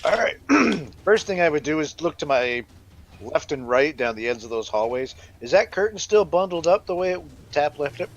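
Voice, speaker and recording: A man's voice: fairly high pitch, big pitch swings, normal speed, a little hiss or hum. A man playing a tabletop game, thinking aloud about what his character does. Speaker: player.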